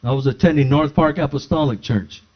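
Animated preacher man, lo-fi recording. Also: fairly high pitch, a little fast. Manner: animated, acts out dialogue in his stories. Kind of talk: sermon storytelling. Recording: dull lo-fi recording.

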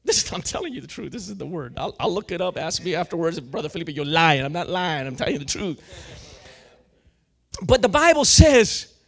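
A man preaching a sermon with fervor, slangy and full of restarts, often building up to shouting. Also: sits high, sing-song, brisk, creaky.

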